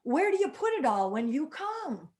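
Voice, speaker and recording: A woman storyteller voicing the giant lumberjack Paul Bunyan, a man who is afraid of the dark. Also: high voice, sing-song, moderate pace. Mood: earnest.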